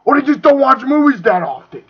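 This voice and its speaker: A young man ranting angrily about a movie, profane and swinging between shouting and muttering. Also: very high-pitched, very animated, brisk, husky. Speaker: video reviewer. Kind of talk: angry movie rant. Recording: dull lo-fi home recording.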